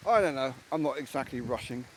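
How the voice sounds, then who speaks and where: A man from England with a mid-range, expressive voice talks at a quick pace about his camp in a casual outdoor vlog. Out in the rainy woods alone, he rambles bluntly and swears freely. The recording is full of loud rain and heavy background noise.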